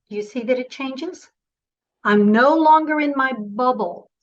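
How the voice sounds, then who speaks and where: High-voiced woman coaching over a video call. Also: moderate pace, highs cut off. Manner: encouraging, directive, animated. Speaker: voice and presentation coach. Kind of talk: online workshop coaching.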